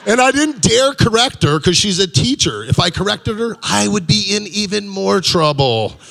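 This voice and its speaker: A man's voice: high-pitched, lively intonation, moderate pace, gravelly, fairly bright tone. A middle-aged man doing a stand-up comedy set on a club stage, rambling loosely and chuckling at his own punchlines.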